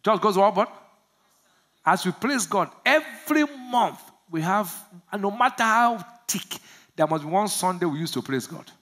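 A pastor from Nigeria preaching a sermon, asking the congregation to finish his lines and swinging from low murmurs to loud shouts. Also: expressive, moderate pace. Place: church service.

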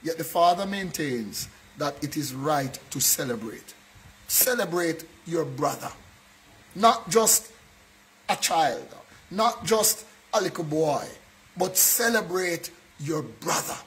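High-voiced pastor preaching. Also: male voice, expressive, slow pace, a bit bright, a little hiss or hum, poor audio. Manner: earnest preaching, keeps checking in with a tag question. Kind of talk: sermon. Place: church.

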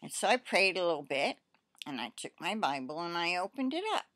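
An older woman slowly reading aloud a message she says she received in prayer, with asides between passages. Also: on the low side, sing-song, dry recording, clean studio sound. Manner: slow, deliberate reading with soft emphasis and asides. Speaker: Christian prophetic message reader. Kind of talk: reading a received prophecy aloud, then commenting.

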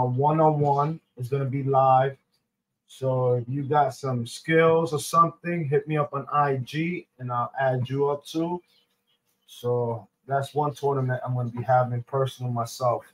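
A man's voice: medium pitch, low-quality recording. A young man with a New York accent chatting casually to his viewers, loose and slangy with many ums and restarts. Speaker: streamer host. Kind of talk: casual chat.

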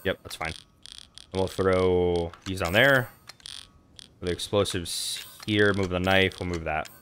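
A gaming channel host provides casual, profane let's play commentary, talking to himself as he plays. His low voice is unhurried with a fairly bright tone, and there's a little hiss or hum.

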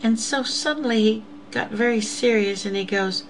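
The host of an inspirational show, a woman with a fairly high voice at a moderate pace, gives an earnest, intimate faith testimony over poor audio. She often sinks to a whisper and calls her listeners "beloveds."

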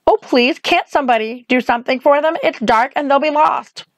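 A woman's voice: sits high, a little fast, dry recording, pitched above the performer's own voice. A woman voicing a polite, anxious young girl traveler in an audiobook reading. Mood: worried. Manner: polite, earnest, worried.

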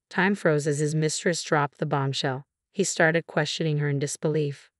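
A woman narrates a first-person story in a steady, even reading. Her voice sits low, and the recording is dry and close with no room echo. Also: moderate pace, few pauses.

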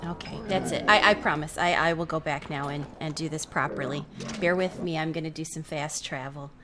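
A woman's voice: deep voice, brisk, crowd noise. A young adult woman giving casual let's-play commentary, gushing and flustered as she plays. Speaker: gameplay host.

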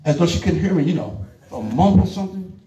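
A middle-aged man preaching a sermon in church, animated and emphatic, swinging from loud urging to low asides. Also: fast talker, roomy sound, dull audio. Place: church hall.

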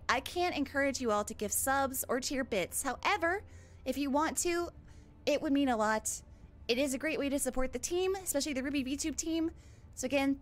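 A woman's voice: high voice, natural voice. A woman voicing a cheerful young huntress girl as a VTuber streamer, chatting live in character and squealing often. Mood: earnest. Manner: bubbly, excitable, squeals often.

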